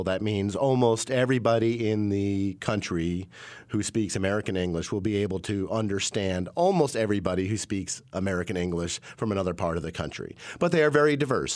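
A man from northern New Jersey with a faint New Jersey accent, a professor explaining in a measured way and repeating words as he thinks. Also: low-pitched, a little mellow, no room sound. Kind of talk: interview.

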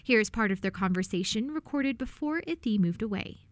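A woman radio host reading a scripted introduction in a clear, measured way. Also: medium pitch, animated, dry recording.

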